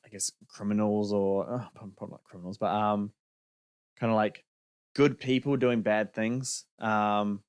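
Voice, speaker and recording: Low-voiced man in dry podcast chat. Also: fairly even intonation, moderate pace, smooth, no room sound. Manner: opinionated, laughs easily. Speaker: podcast co-host. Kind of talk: casual film chat.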